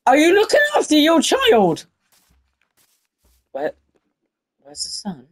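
Girl playing a game, gasping and yelling at animals, bouncy voice that swings all over. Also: high-pitched, huge pitch swings, takes it slowly. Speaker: gaming video creator. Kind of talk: casual game commentary.

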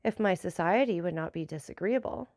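A woman reading the lines of an earnest young gentleman in an audiobook, probing and polite. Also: fairly low pitch, brisk, no echo, clean studio sound, natural voice.

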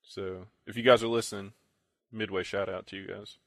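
A man's voice: lowish voice, level tone, brisk, fairly bright tone, no room sound. A young man co-hosting a podcast in casual chat, rambling through a story and acting out what other players said. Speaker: podcast co-host.

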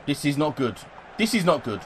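A man from England calls his own football video game as he plays it, with a fairly high voice that leaps all over the place. He yells and swears at the players, then drops into deflated muttering. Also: a little fast, background noise. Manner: excitable, swearing, swings from yelling to deflated muttering. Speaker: gaming YouTuber. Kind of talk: live football game commentary.

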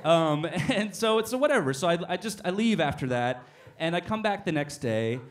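A man telling stand-up stories on a small cafe stage, animated and swearing freely as he acts out each scene. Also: fairly high pitch, moderate pace. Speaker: stand-up comedian. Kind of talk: stand-up storytelling.

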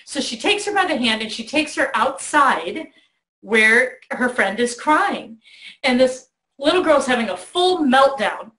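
Animated woman telling a story in an echoey room. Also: sits high, measured pace. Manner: animated storyteller, acts out voices in quotes. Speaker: host. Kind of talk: warm storytelling to a child on video. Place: child's bedroom.

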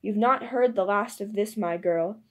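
Vicious old widow, mob leader, played by a woman reader; loud, threatening storybook voice. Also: mid-range voice, moderate pace, natural voice. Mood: spiteful. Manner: shrieking, threatening.

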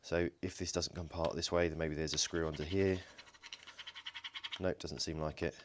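A man's voice: very deep voice, fairly even intonation, moderate pace, slight background noise. A man hosting a casual workshop video, joking and thinking aloud as he takes apart a battery pack. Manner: joking, thinks aloud while working, frequent ums and self-corrections. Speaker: DIY electronics video host. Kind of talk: casual hands-on teardown narration. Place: home workshop.

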